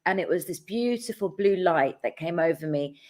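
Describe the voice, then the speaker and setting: A woman's voice: lowish voice, animated, moderate pace. A woman hosting a casual chat, thanking her guest and viewers with feeling and frequent ums and restarts. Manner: emotional, warm thanks with many ums and restarts; tearful, calls herself a crybaby. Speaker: host.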